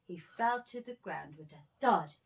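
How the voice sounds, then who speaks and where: A woman reading children's animal stories aloud at bedtime, gentle with small slips. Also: fairly low pitch, lively intonation, unhurried, gravelly.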